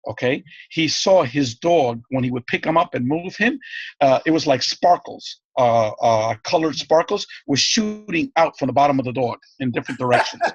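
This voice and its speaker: A man's voice: medium pitch, lively intonation, moderate pace, breathy edge, no echo, muffled recording. A man being interviewed as a guest, telling one story after another in a rambling, eager way and often checking in with "okay?".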